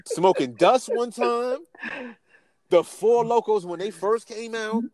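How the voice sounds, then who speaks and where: A man's voice: extremely high pitch, takes it slowly, darkish tone. A man co-hosting a podcast, telling stories in casual, profane chat, acting out quotes and laughing often. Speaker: podcast co-host.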